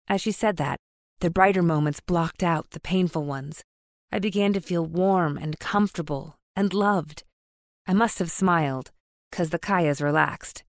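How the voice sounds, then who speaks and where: A woman with a lowish voice reads a first-person audiobook, telling the story with emotive intensity. She is recorded dry and close, with no room echo around her. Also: a little slow, creaky. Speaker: audiobook narrator.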